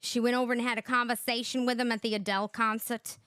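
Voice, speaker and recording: A woman's voice: on the high side, little pitch movement, quick pace, fairly bright tone, clean tone, dry recording, clean studio sound. A woman hosting a reaction commentary, talking sarcastically and laughing often as she mocks the clips. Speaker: commentary channel host.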